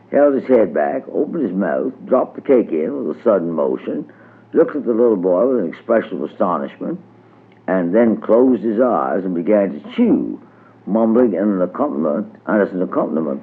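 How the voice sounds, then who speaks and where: A man reading a storybook tale aloud in a lilting, measured way, on a tinny old radio recording. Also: sits low, slightly rough. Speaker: narrator.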